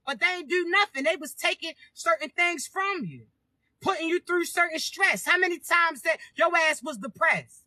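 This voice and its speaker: Woman, spiritual reader to camera; high, sharp tone, blunt and preachy, lots of rhetorical questions and cussing. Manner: emphatic and preachy, fires rhetorical questions, swears freely. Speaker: spiritual reader addressing viewers. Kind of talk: casual spiritual reading to camera.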